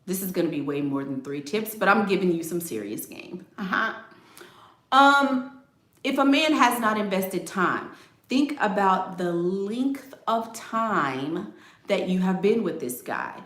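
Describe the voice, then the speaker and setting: Reading comments on her relaxed relationship advice stream, a woman talks to viewers directly and sassily, tossing in laughing asides. Her medium-pitched, fairly bright voice is expressive and unhurried, and the room is echoey.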